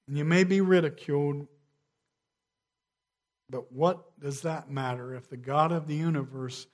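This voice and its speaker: A man preaching a sermon, measured, sinking to a quiet hush on key phrases. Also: a little high. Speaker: pastor.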